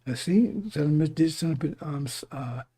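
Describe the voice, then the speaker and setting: Male preacher, husky dark voice, reads verses and breaks them down casually. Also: fairly high pitch, measured pace. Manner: reads verses then explains in casual speech, many restarts and "right?". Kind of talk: sermon, reading scripture with commentary.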